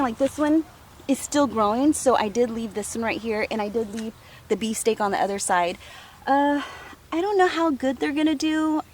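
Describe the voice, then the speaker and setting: A woman giving a casual, enthusiastic tour of her farm garden outdoors, talking warmly and laughing often. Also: fairly high pitch. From United States.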